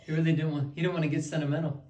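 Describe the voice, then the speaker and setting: A man's voice: a little high, flat delivery, very fast, dark tone. Playful man teasing his pets. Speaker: pet owner filming at home. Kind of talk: casual home video chat. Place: home. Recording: noisy home video.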